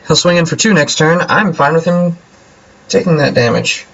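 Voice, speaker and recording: Young male gamer, husky voice, playful running commentary on his own match. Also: on the high side, moderate pace, a bit bright, low-quality recording. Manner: playful, jokey, talks to himself while playing. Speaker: gameplay commentator. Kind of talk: casual game commentary.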